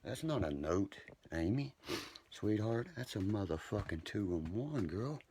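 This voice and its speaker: A man, rambling profanely on a live stream, moving between angry rants and quiet apologies. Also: expressive, unhurried, a little hiss or hum. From West Virginia. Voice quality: deep gravelly voice. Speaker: social media live streamer.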